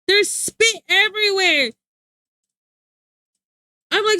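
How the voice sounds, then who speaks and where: A young woman streamer in casual chat, slangy and animated with lots of filler words, talking into a desk mic. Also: very high-pitched, slow, long pauses, no room sound.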